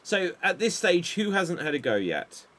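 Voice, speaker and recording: A man hosting an improv game, calling time and joking with wry, unhurried banter. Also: high-pitched, sing-song, a bit bright. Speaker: improv show host.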